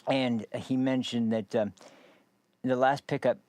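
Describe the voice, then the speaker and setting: Guy ranting on his political show, sarcastic, rambly, mid pitch, dry close mic. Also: fairly even intonation, measured pace, darkish tone, no room sound. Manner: rambling, sarcastic, many fillers. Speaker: podcast host. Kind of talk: political commentary monologue.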